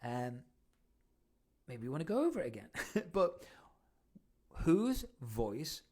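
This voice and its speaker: A man hosting a motivational podcast, coaching listeners with energetic questions. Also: medium pitch, takes it slowly. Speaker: podcast host.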